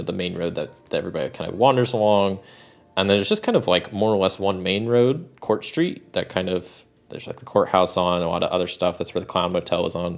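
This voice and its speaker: A man's voice: low-pitched, creaky. A man narrating his own solo tabletop game, thinking aloud and rolling dice, with a rambling manner full of fillers. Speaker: solo game master and player.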